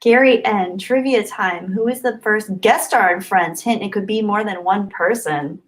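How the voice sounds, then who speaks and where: A young woman hosting a casual livestream, reading super chats and thanking viewers. She gushes and gets excited, and she thinks aloud as she scrolls the chat. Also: medium pitch, normal speed. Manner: bubbly, gushing and excitable. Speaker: livestream host.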